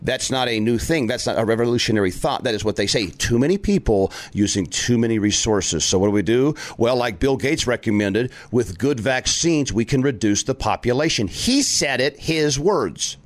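A man's voice: mid-range voice, lively intonation, moderate pace, hardly any pauses. A man hosting his own political talk podcast, firing off rhetorical questions with emphatic exclamations. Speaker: podcast host.

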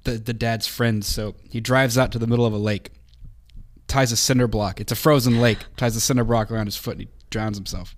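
A man's voice: medium pitch, steady tone, brisk. Guy chatting casually with the host, telling a story, kinda rambling. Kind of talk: casual chat.

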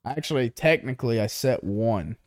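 A man's voice: medium pitch, normal speed, no echo, clean studio sound. A man co-hosting a podcast in a tea shop, telling profane stories in casual chat and acting out the people in them. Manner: profane, animated storytelling with acted quotes. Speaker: podcast co-host.

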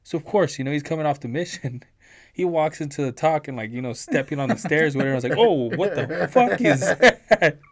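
A man's voice: on the high side, quick pace. A man co-hosting a podcast, telling profane stories in a laid-back, casual way. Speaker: podcast co-host. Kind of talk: casual storytelling.

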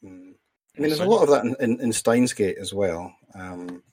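Husky, soft-spoken low man. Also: animated, moderate pace. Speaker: podcast regular. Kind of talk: casual chat.

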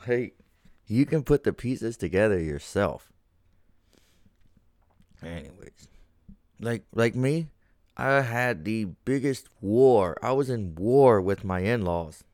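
A man's voice: lowish voice, expressive, slow pace, long pauses, a little mellow, dry recording. Profane, ranting man with a dry sound. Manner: profane, ranting, gets heated. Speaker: podcast host. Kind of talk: casual solo podcast monologue.

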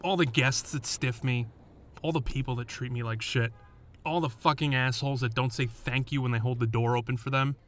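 A man's voice: mid-range voice, steady tone, a little fast, a bit bright. A man narrating his own story in a scripted, blunt and profane first-person telling.

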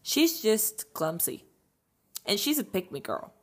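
A woman's voice: mid-range voice, big pitch swings, slow pace, breathy edge. A young woman hosting a casual podcast, sharing strong opinions in a chatty way with lots of filler words. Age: young adult. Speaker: podcast host.

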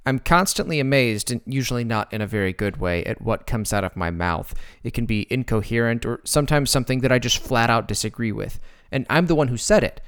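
A man's voice: medium pitch, expressive, fairly quick, few pauses, fairly bright tone, smooth. A man hosting a podcast, narrating in a reflective, self-deprecating way. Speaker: podcast host.

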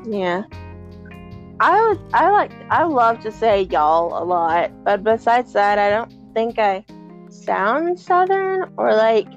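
A young woman from the American South, chatting haltingly on a podcast with lots of fillers. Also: on the high side, sing-song, dull audio, soft background music. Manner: giggly, halting with many fillers. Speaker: podcast co-host. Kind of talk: casual chat.

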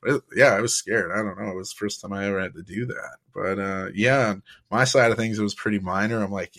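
Quick and steady, with few pauses, a fairly low and slightly bright male voice carries this casual sports podcast. The young host is laid-back and chatty, recapping sports and spinning stories with easy laughs.

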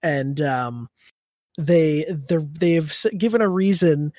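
A man's voice: on the high side, slow, a little mellow, dry recording, studio quality. Rambling, laughing young man on a podcast. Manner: rambling, laughing, restarts phrases. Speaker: podcast co-host. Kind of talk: casual chat.

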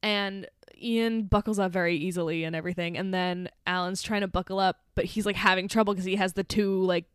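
A woman co-host rambles through casual chat, full of fillers and offhand swearing. Her voice is smooth and clear at a middle pitch. The microphone is close and the sound is dry. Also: steady tone, a little fast, hardly any pauses, no echo. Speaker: podcast co-host. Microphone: studio microphone.

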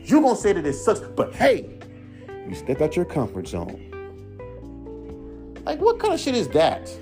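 A man's voice: high-pitched, huge pitch swings, moderate pace, dark tone, soft background music. A man in his thirties rants in a heated, profane, rambling way on a casual podcast. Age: 30s. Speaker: podcast host, rapper. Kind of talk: casual ranting monologue.

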